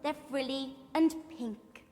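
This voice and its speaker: A woman's voice: high-pitched, slow, mellow. A defiant, blunt tomboy girl. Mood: sulky. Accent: British English. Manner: sulky, defiant. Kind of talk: stage musical acting and singing. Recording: live theatre recording with reverb and band music.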